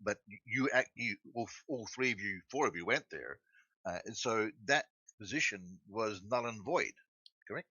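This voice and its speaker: A man calling in to a live panel show, talking haltingly with stammers and restarts. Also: lowish voice, animated, sharp tone, breathy edge, no room sound, dull audio. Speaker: caller. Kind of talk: call-in chat.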